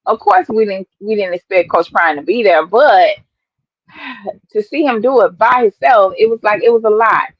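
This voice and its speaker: A woman's voice: mid-range voice, lively intonation, normal speed, no room sound. An earnest woman holds back tears while she talks to her viewers, calling them y'all. Her voice sits in the middle range. It sounds dry and close, with a slightly dull, lo-fi tone. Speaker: vlogger reacting to a clip. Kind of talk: emotional commentary to viewers.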